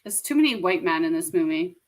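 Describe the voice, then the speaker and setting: A woman's voice: lowish voice, lively intonation. A woman co-hosting a live online talk show, teasing and objecting in casual banter. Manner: teasing, objecting, quick to push back. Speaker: podcast co-host.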